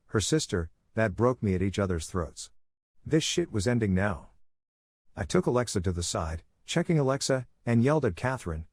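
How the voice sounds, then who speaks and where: Low-voiced man narrating a story. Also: fairly quick, dry recording, studio quality. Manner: steady first-person storytelling. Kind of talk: scripted narration of a reddit story.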